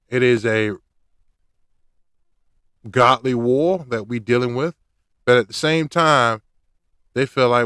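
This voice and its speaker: A man's voice: medium pitch, a bit bright, clean tone, no echo, studio quality. A man hosting his own podcast, ranting in a loose, slangy way straight at his listeners. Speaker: podcast host. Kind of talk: casual rant to camera.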